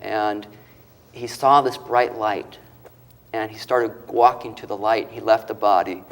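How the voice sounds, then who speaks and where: Male guest, lowish voice, emotional storyteller who voices the people he quotes. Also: fairly even intonation, measured pace, vocal fry. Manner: retells stories with quoted voices, gets choked up. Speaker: author and guest.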